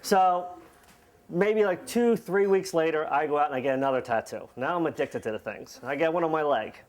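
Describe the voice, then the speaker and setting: Self-mocking man telling a live story. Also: a little high. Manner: casual, self-mocking, laughing through the story; acts out dialogue with quick voice shifts. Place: live event stage.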